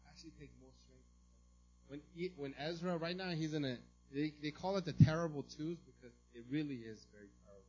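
A man preaching a sermon as a pastor, in a conversational way, often checking in with "right?" and now and then breaking into loud mimicry. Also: fairly high pitch, brisk, highs cut off, slight background noise.

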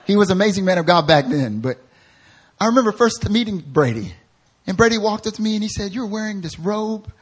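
A man preaching a sermon, moving between quiet, joking storytelling and loud, fervent shouting, acting out quoted people with humor. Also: sits high, sing-song, fast talker, husky. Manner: acts out quoted voices with humor. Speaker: pastor.

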